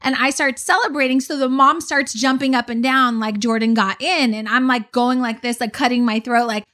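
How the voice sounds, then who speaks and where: Mom in her 40s chatting on a podcast, lively storytelling, voice on the higher side. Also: normal speed. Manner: animated storyteller, acts out quotes. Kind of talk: casual chat.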